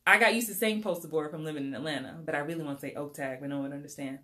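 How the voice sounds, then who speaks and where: Bright-voiced New woman chatting live. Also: low-pitched, rapid-fire. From New York. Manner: chatty, laughs often, reads out viewer comments. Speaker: acting coach. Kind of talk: casual livestream chat.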